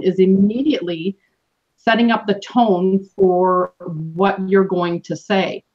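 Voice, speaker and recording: A woman's voice: mid-range voice, a little mellow. Canadian-born woman host, earnest coach, lo-fi call sound. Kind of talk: motivational team call talk. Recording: dull lo-fi call audio.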